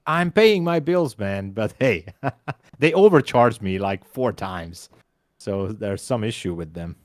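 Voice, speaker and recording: A man's voice: on the low side, expressive, slow, dry recording, clean studio sound. A man whose first language is Hungarian, co-hosting a live trading stream in casual chat. He speaks English with a Hungarian accent, often stumbles, repeats words and laughs.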